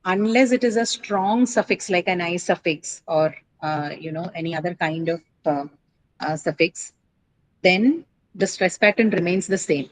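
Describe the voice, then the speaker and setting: A woman's voice: lowish voice, measured pace, slight background noise, poor audio. A woman teaching English word stress in a classroom lecture, explaining patiently, asking students questions and often checking with "right?".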